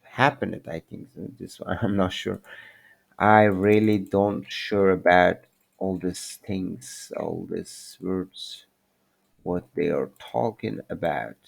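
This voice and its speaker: Male tutor, low voice, unhurried and self-correcting, casual lesson. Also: vocal fry. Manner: halting, self-correcting, apologetic non-native English. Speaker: language teacher. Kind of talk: informal screen-share language lesson.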